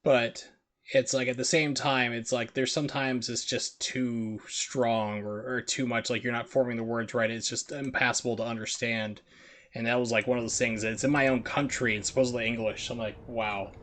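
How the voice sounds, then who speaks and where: A man's voice: medium pitch, steady tone, normal speed, fairly bright tone. An American man streaming a video game, chatting casually and rambling with lots of fillers. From United States. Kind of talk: casual chat while gaming.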